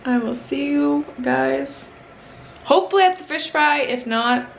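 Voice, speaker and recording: A woman's voice: high voice, a little slow, vocal fry, slight background noise. Chatty young woman vlogging, roomy echo. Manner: rambling, chatty, many fillers, self-mocking asides. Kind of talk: casual chat to camera.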